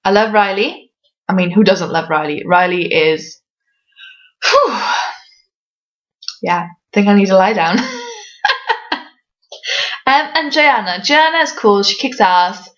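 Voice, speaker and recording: A woman from Wales with a fairly neutral English accent answers reader questions in a casual home vlog. She talks slowly and hesitantly, full of ums and little self-mocking laughs. The recording sounds dull and lo-fi. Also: medium pitch.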